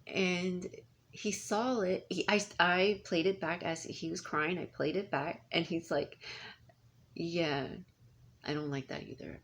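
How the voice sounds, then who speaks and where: Rambling woman with a gravelly voice. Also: fairly low pitch. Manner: rambling, many restarts and asides. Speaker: parent. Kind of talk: casual rambling monologue. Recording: faint background noise.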